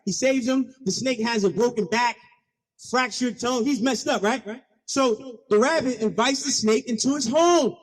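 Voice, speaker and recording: Brief: high-pitched man telling playful stories in a keynote, checking in with the room. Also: measured pace, big-room sound. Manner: animated, call-and-response with audience; playful, slangy. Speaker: keynote speaker. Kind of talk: storytelling speech.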